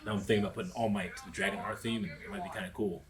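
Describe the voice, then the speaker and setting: A young man co-hosting a casual reaction chat about a film, playful and quick to joke and laugh. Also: lowish voice, steady tone, loud music behind the voice. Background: film soundtrack playing.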